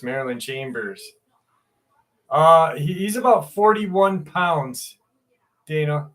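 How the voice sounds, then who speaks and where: Male livestream host, slow rambling chat with viewers, fairly high voice. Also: fairly bright tone, poor audio. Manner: rambling, loose, with fillers and swearing. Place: room at home.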